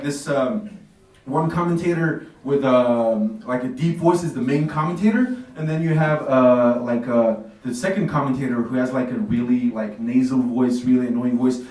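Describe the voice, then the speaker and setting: A man's voice: medium pitch, moderate pace, darkish tone. A man doing a stand-up comedy set in a small café club, telling loose stories, acting out dialogue and laughing at his own jokes. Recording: echoey café recorded from far off.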